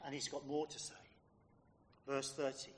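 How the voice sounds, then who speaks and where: A man's voice: medium pitch, completely flat delivery, normal speed, in a large hall, a little hiss or hum. A man preaching a sermon, emphatic and fond of rhetorical questions put to his listeners.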